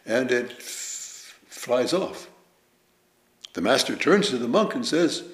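Reflective man giving a Zen dharma talk. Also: medium pitch. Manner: measured, reflective, lively storytelling. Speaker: Zen teacher. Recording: roomy echo.

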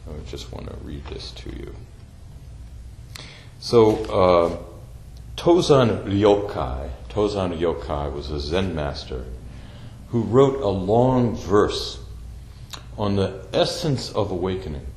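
A man leads a Zen dharma talk at an unhurried, measured pace, his voice sitting a little low. He repeats key phrases to let them sink in. The recording carries the echo of a room and a faint hiss behind him. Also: animated, a little mellow. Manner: slow, deliberate, repeating phrases for emphasis. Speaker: Zen teacher. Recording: echoey room with faint background noise.

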